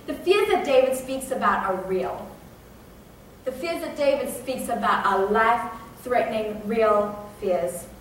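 A woman preaching a sermon, telling a personal story with animated shifts from hushed suspense to high excited outbursts. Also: slight background noise. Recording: echoey hall, voice from a distance.

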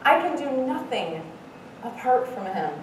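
A middle-aged woman giving an earnest devotional talk as a Bible study speaker, mixing in lively self-mocking stories. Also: on the high side, unhurried. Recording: echoey room, mic far off, faint noise.

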